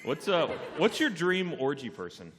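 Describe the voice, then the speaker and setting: A man's voice: fairly high pitch, huge pitch swings, normal speed. A man on a convention panel, bantering and joking with playful laughter. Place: large convention hall before an audience. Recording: reverberant hall with crowd noise.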